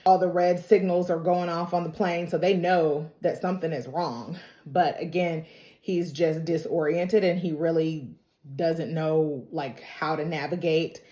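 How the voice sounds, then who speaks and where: A woman with a lowish voice tells a TV story in a casual, emotional vlog style, with dramatic asides. She sounds a bit stuffy from crying. The room gives her voice a clear echo. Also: steady tone, unhurried, dark tone. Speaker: TV recap reviewer.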